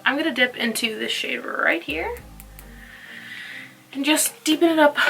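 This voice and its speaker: Young woman, casual beauty vlog chat, playful, slightly high voice, gravelly fry. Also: a little slow, pauses often, over music. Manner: chatty, playful, drifts into soft murmurs. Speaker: beauty vlogger. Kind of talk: casual makeup tutorial chat.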